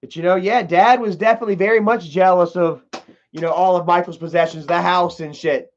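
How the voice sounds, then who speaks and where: A man's voice: high-pitched, steady tone, brisk. A man telling a family story on a livestream, rambling and swearing, with many fillers. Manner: profane, rambling, heavy fillers. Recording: dull lo-fi livestream audio.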